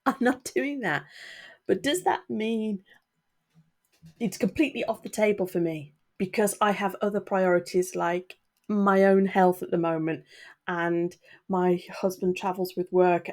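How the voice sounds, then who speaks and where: Middle-aged woman, vlogger, earnest, emotional and sniffly, mellow voice. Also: on the low side. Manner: earnest, emotional, talks straight to viewers. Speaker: YouTuber. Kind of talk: candid talk to camera.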